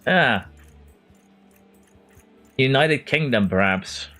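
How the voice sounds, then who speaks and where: A Norwegian streamer offers laid-back commentary on a racing management game, chatting with viewers, naming them as he answers and chuckling often. His mid-range voice is expressive, bright and forceful, and he speaks extremely slowly.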